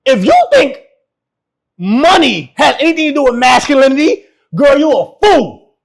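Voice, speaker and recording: A man's voice: very high voice, big pitch swings, moderate pace, vocal fry. A man giving brash, mocking reaction commentary. He laughs often and keeps repeating his insults. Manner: laughs often while talking. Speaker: YouTube relationship commentator.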